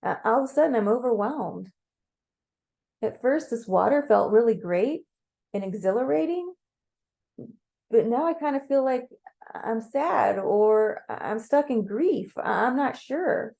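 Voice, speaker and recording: A woman's voice: on the high side, big pitch swings, slow, pauses often, warm tone, voice pushed up, exaggerated voice. A woman voicing a confused, overwhelmed young woman in a guided meditation, hesitant and stammering. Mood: unsure. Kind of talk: guided meditation role-play.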